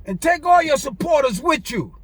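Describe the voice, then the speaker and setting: A man preaching an angry, taunting rant in a fiery preacher's cadence, often shouting. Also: extremely high pitch, sing-song, normal speed, dry recording. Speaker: online preacher.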